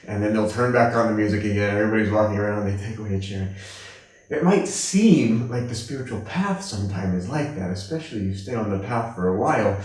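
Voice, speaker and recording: A man teaches a spiritual class in a gentle storytelling voice, slipping into quoted characters as he goes. His voice sounds far from the microphone, with a strong echo from the room. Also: lowish voice, fast. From United States. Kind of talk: spiritual class talk with acted anecdotes. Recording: echoey room from a distance.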